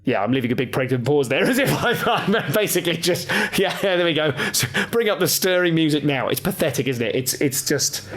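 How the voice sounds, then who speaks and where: A man's voice: a little high, lively intonation, a little fast, few pauses, fairly bright tone. Earnest man with a raised voice. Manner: earnest and impassioned, with frequent swearing; self-deprecating and reflective. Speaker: podcast host. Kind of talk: candid solo podcast monologue.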